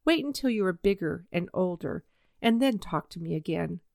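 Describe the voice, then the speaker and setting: A woman's voice: lowish voice, expressive, moderate pace, vocal fry, no room sound, clean studio sound. A woman reading as a kindly country doctor. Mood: gentle. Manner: gentle, reasoning, lightly teasing. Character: kindly, patient adult male country doctor. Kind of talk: storybook reading.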